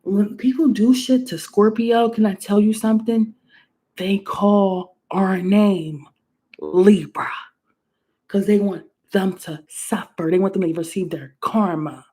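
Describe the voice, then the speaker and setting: A woman's voice: mid-range voice, fairly even intonation, moderate pace, few pauses, mellow, roomy sound. A woman tarot reader giving a blunt, profane, scolding reading from home.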